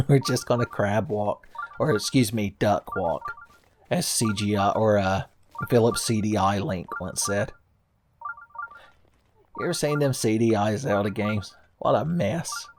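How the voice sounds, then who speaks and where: A man's voice: lowish voice, slight background noise. A man hosting a let's play, rambling and joking through casual gameplay commentary, swearing freely and laughing often.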